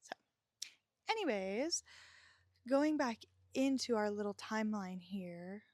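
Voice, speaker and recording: A woman's voice: mid-range voice, expressive, takes it slowly, darkish tone, no echo. A young woman in her twenties talks openly and emotionally, working her way through a personal story with plenty of fillers, restarts and self-corrections. Her voice sits in an ordinary middle register, recorded close and dry with no room sound. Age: 20s. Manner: candid, emotional, rambling with many fillers and restarts. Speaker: podcast host.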